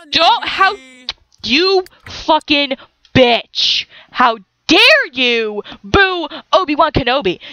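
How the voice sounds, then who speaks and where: A young woman giving casual, excitable let's-play commentary, swearing at the game and laughing often. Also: medium pitch, clean tone, dry recording, muffled recording.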